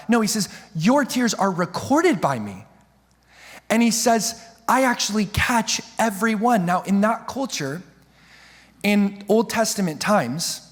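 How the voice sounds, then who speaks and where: A young man preaching a sermon as pastor, impassioned, slowing down to stress key phrases. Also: high-pitched. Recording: long hall reverb.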